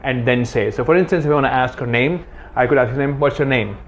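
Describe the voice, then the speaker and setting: Fast-talking dating coach, muffled clip. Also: male voice, mid-range voice. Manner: confident, explaining. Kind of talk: instructional talk. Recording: dull clip with faint background noise.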